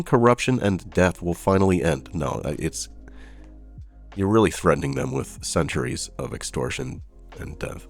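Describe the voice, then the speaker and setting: A man with a deep voice runs a casual news commentary show, breaking off from the headlines into sarcastic, disbelieving remarks. Faint music sits under his talk. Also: animated, normal speed. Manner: sarcastic, incredulous asides.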